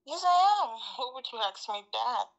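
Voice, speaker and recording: Hurried, insistent woman caller. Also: sits high, very animated, gravelly, highs cut off. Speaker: caller posing as a soldier.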